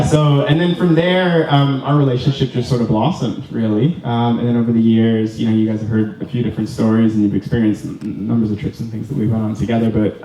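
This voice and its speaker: A man's voice: on the low side, dark tone. A young man from Canada, the groom, giving an earnest, rambling wedding speech full of ums and restarts. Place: wedding reception room. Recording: distant, roomy, slightly dull hall recording.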